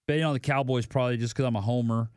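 A man hosting a casual sports betting podcast alone, ranting and swearing, swinging between loud outbursts and low mutters. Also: fairly even intonation, rapid-fire, clear, resonant tone, no room sound, clean studio sound. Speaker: podcast host.

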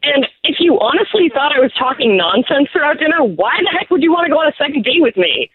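A woman's voice: sits high, very animated, quick pace, over a noisy crowd. A woman calling in to a radio show over the phone, embarrassed and laughing nervously. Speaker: caller. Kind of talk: phone call on air. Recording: tinny phone line.

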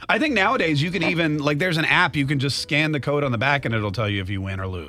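A man from North Carolina hosting a radio morning show, telling stories in quick, joking, teasing banter from a studio. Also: on the high side, bright, forceful tone. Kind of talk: casual on-air banter.

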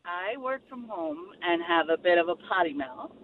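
A woman's voice: lowish voice, animated, normal speed. A woman calling into a radio show, casually telling a story about her child. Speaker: caller. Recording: tinny phone line with faint road noise.

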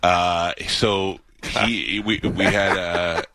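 A man's voice: low-pitched, steady tone, extremely slow, bright, forceful tone, slight background noise. A man from New York hosting a radio show, rambling through stories and laughing at himself. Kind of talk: casual studio banter.

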